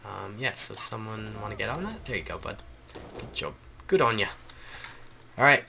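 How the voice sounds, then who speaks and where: A man's voice: lowish voice, sing-song, a little fast, creaky, sharp tone, a little hiss or hum. A man hosting a gaming channel, giving enthusiastic, rambling gameplay commentary with frequent ums.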